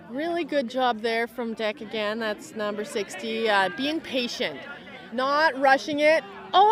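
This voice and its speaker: A woman's voice: high voice, fairly bright tone. A woman doing live sports commentary at an outdoor tournament, chatty and enthusiastic, cheering players on by name.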